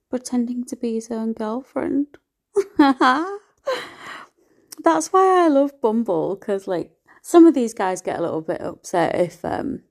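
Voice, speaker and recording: A woman in a blunt, profane, scornful rant to camera, her pitch leaping as she gets worked up. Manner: animated, with sudden pitch jumps. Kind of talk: ranting monologue to camera.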